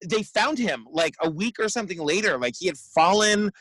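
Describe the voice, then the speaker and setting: A man chatting as a podcast guest, animated and laughing easily, with lots of fillers. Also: high voice, moderate pace, no room sound. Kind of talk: casual chat.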